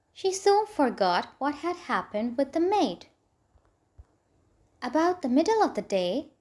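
A woman narrating a fairy tale in a measured storybook reading. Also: high-pitched, darkish tone.

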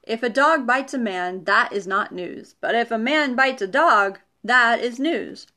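A woman's voice: fairly high pitch, measured pace, sharp tone. A woman reading a storybook voices an enthusiastic male school principal who declaims his lines heartily. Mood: hearty.

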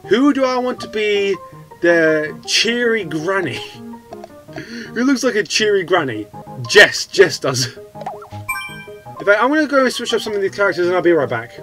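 A man with a high, very lively voice commentating his way through a video game. He is goofy and excitable, rambling and restarting himself, with soft game music playing underneath. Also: measured pace, long pauses, low-quality recording. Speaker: gaming channel host. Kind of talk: let's play commentary.

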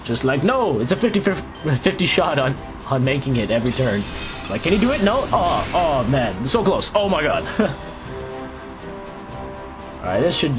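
Man, chatty gameplay commentary, laughs a lot, bouncy lively voice, game music in the background. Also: fairly high pitch, moderate pace, long pauses. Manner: excitable, laughs often, chatty. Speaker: Let's Play host. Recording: game music playing underneath. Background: video game music.

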